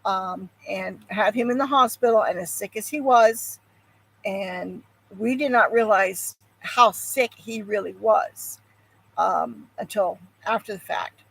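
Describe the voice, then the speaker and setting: Older lady rambling on to her viewers, lots of ums and sighs, mid pitch voice. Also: slow pace, vocal fry, fairly bright tone, husky, low-quality recording. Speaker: homestead channel host. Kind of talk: casual chat, answering viewers.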